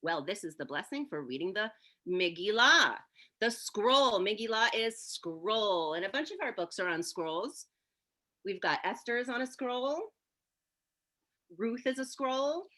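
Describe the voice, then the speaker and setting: A woman's voice: mid-range voice, lively intonation, measured pace, bright, forceful tone. A woman leading songs and blessings for a congregation, chatty and encouraging between verses, playing guitar. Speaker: song leader at a synagogue celebration. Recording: faint guitar music behind.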